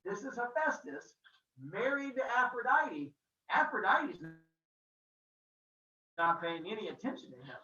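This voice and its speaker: A man casually retelling Greek myths in a jokey, animated way, pointing out posters in an indoor room. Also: sits high, a little slow, pauses often. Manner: animated, jokey, uses 'like' for quotes. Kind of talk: casual comic myth retelling. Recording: echoey dull room sound.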